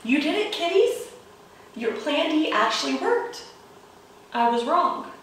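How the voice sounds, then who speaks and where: A woman reads a picture book to children in a slightly high, very animated voice, playful and expressive with roars and chuckles. She takes her time over every line. The sound is roomy and distant, with faint background noise. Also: a little slow. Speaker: children's librarian. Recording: echoey room from far off, faint noise.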